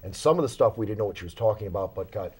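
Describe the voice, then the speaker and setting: Husky man telling ghost stories. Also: lowish voice, rapid-fire. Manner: animated storyteller, many fillers and restarts. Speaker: paranormal investigator guest. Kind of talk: casual interview storytelling. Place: small studio.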